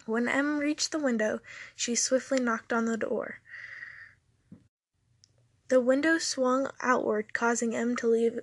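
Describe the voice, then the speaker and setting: A woman's voice: a little high, steady tone, slow pace, long pauses, dry recording. A woman reading a fairytale romance story aloud, sometimes tripping over words and correcting herself. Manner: self-correcting slips while reading. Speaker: narrator. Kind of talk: reading a story aloud, doing character voices.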